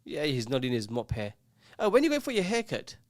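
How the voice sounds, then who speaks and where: A man's voice: fairly high pitch, wildly swooping pitch, a little fast, dry recording, studio quality. A man presenting a casual radio show, chatting, teasing his co-host and reading out listener messages. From England. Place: radio studio. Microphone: studio microphone.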